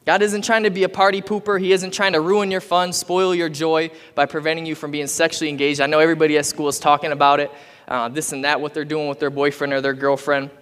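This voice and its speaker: A man's voice: a little high, flat delivery, fast, a bit bright, clean tone. A man giving a youth sermon, urging the audience to respond and repeat after him. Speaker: youth pastor. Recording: long hall reverb.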